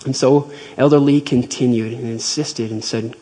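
A man giving a devotional talk, retelling a personal faith story in a measured, earnest way. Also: medium pitch, fairly even intonation, warm tone, breathy edge, poor audio.

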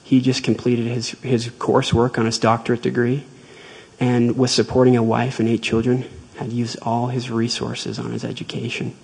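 Gravelly, husky-voiced man telling a story. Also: mid-range voice, completely flat delivery, a little mellow, poor audio. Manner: measured, earnest storytelling. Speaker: speaker retelling a faith story. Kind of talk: devotional talk with storytelling.

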